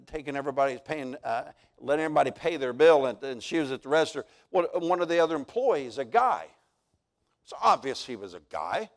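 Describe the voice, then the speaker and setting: A man preaching at a camp service, telling folksy stories that build to near-shouts. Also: medium pitch. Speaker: pastor. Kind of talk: storytelling sermon.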